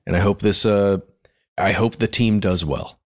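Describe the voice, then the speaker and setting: Man, podcast co-host, relaxed, wry, lowish voice. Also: normal speed. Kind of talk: casual podcast discussion.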